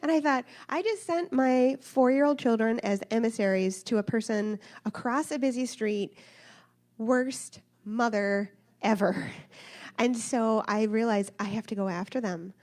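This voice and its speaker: A woman's voice: a little high, a little slow. A woman in her thirties telling a personal story in a church talk, acting out the voices of the people in it. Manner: animated, acts out voices of others in her story. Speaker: speaker sharing a personal story.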